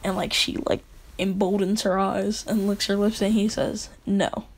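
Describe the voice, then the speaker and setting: A woman's voice: mid-range voice, flat delivery, moderate pace, gravelly, rough recording. A young woman casually narrating a fan story as channel host, giggly and rambling.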